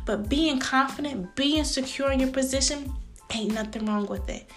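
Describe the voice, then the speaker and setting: A woman in her thirties talks through a faith-based podcast in a voice pitched a little high. She has soft music playing under her. She is lively and preachy and keeps calling the listener sis. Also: moderate pace. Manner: animated, frequent laughs, acts out greetings. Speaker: podcast host.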